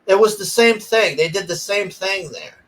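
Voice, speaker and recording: A man's voice: high-pitched, moderate pace, a bit bright, low-quality recording. A man ranting casually and sarcastically about a movie he disliked, exasperated and swearing freely. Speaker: movie reviewer.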